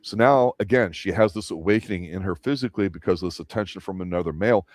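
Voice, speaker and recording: A man co-hosting a TV review show, talking in a measured, analytical way in casual discussion. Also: low voice, darkish tone, dry recording. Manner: measured, analytical, explains with finance terms.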